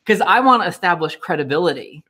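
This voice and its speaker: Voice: mid-range voice, animated, fast, bright, forceful tone. A host telling a prank story in casual chat, swearing and acting out other people's voices.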